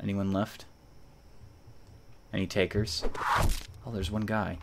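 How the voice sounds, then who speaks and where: A male streamer gives casual live commentary on a game he's playing from a room at home, playfully taunting enemies and chuckling. His voice is lowish and flat, slow-paced with vocal fry and long pauses. The recording is noisy, with keyboard typing audible.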